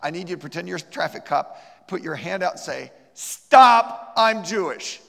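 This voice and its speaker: Male church teacher, high and gravelly, animated and scene-acting, in a reverberant hall. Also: fast. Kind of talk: church teaching with a live role-play.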